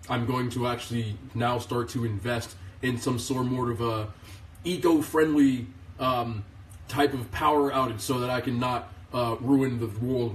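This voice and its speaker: A man's voice: mid-range voice, far from the mic. Sarcastic man rambling on a roomy live-stream. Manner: deadpan sarcastic, rambling with many "um"s. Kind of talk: casual joking live-stream chat. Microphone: phone. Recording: roomy, voice away from the mic.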